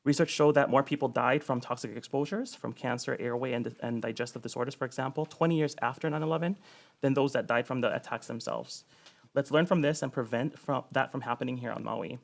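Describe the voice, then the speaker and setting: A man's voice: mid-range voice, steady tone, creaky. A man reading prepared testimony at a public hearing. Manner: reads quickly from a prepared statement.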